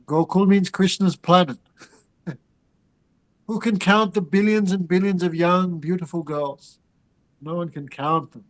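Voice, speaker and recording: A man leads a scripture class, his voice sitting a little high for a man. He chants verses in Sanskrit and Bengali, then explains them in plain talk and turns to address his students directly. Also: fairly even intonation, a little slow, pauses often, low-quality recording. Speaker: spiritual teacher.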